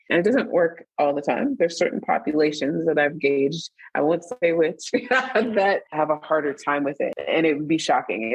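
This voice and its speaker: A middle-aged woman as an interview guest, talking reflectively and turning animated when she retells stories. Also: low-pitched, slightly rough, no echo, muffled recording. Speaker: interview guest, magazine editor. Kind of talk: conversational interview.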